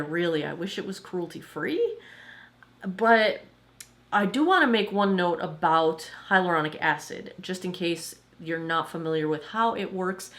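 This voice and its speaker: Chatty, slightly hoarse woman in her forties. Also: on the low side, a bit bright. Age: 40s. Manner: chatty, enthusiastic, laughs often. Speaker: beauty vlogger. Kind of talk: casual makeup review.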